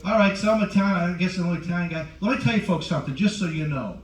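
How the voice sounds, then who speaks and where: A man's voice: sits high, racing, reverberant, far from the mic, faint music behind, rough recording. A man in his forties doing stand-up on a cruise ship, brashly teasing the live audience. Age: 40s. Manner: brash, teasing, talks to the crowd. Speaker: stand-up comedian. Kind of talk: stand-up comedy with crowd work.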